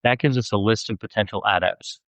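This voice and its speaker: A man reading an audiobook, voicing a driven, bossy young woman who talks in a brisk, pushy way. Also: fairly low pitch, a bit bright, no room sound. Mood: urgent.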